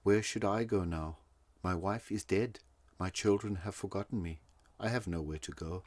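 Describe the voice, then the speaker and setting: A man's voice: low voice, normal speed, dry recording. A man reading a story, voicing a weary, resigned old male prisoner.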